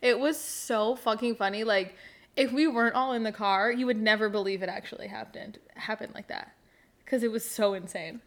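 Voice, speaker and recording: A woman's voice: a little high, moderate pace, a bit bright. A young woman hosting a casual chat, telling a story with frequent laughs and lots of "like" fillers.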